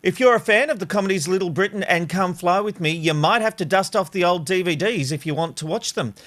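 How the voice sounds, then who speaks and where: A man's voice: high-pitched, brisk, fairly bright tone. A man hosting a talk show, reading a news item and then pressing his co-hosts with pointed questions. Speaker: host. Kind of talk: news segment and panel debate.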